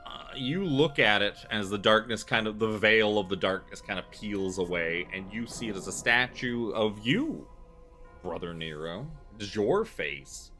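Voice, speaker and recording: A man's voice: animated, normal speed, pushed and bright, soft background music. A man narrating a tabletop game as dungeon master, casual and loose, with some swearing. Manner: casual, loose, swears, puts on squeaky creature voices.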